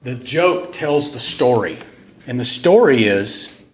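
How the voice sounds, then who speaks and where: A man's voice: medium pitch, animated, slow pace. A man giving a rambling, joking, self-deprecating talk at a recovery meeting. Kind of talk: casual storytelling talk. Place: meeting room of a club. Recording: roomy hall sound with faint noise.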